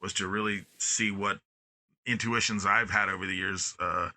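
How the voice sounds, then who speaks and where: A man talking as a podcast guest in casual conversation, very expressive, constantly stressing and softening words. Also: low-pitched, normal speed. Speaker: podcast guest, music educator.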